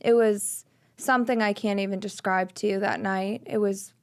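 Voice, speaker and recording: A woman's voice: medium pitch, steady tone, moderate pace. A young woman co-hosting a casual faith podcast, speaking earnestly and from the heart. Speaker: podcast co-host.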